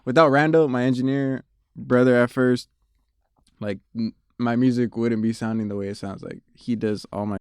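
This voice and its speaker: Young male musician guest, relaxed storyteller, mid-pitched, crisp close-mic sound. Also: normal speed, no echo. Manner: laid-back storyteller, laughs and swears often. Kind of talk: casual interview chat.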